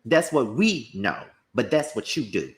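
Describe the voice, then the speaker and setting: A man delivering a combative, profane commentary rant packed with rapid-fire rhetorical questions. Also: mid-range voice, very animated, background noise. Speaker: commentary YouTuber.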